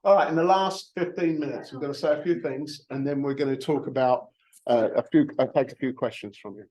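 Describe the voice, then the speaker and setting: A man's voice: medium pitch, a little fast, mellow, rough recording. A man in his fifties, a real estate broker giving a jokey, self-mocking training talk to a live audience, often restarting his words.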